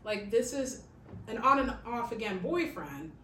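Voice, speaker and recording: A woman's voice: fairly high pitch, expressive, measured pace, fairly bright tone. A woman hosting a podcast, telling a true-crime story in a chatty way, full of "like" and "okay?". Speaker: podcast host. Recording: echoey room, distant mic, faint hiss.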